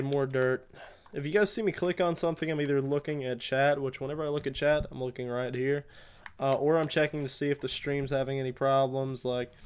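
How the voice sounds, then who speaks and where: A young man livestreams a game and chats casually with his viewers, rambling and answering chat as he plays. His voice is mid-range, smooth, and a little mellow.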